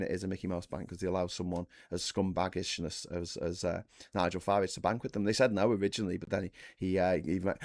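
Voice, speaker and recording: A sweary Liverpool man hosts a casual live chat show in a low voice, recorded clean in a studio with no echo. He rambles, swears, and stammers through restarts.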